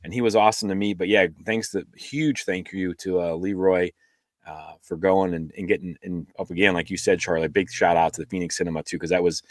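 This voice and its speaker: Male podcast co-host, very low voice, loose rambling delivery, dry mic. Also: fairly even intonation, brisk, no room sound. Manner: rambling, many fillers and restarts. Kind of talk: casual chat.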